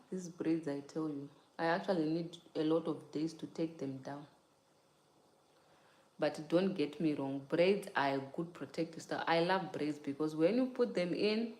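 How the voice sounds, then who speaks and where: A woman's voice: sits low, darkish tone, echoey room. Chatty woman vlogger talking hair care. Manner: chatty, laughs often, talks directly to viewers by name; repeats "you get it?" and "child". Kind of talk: casual livestream chat while taking down braids.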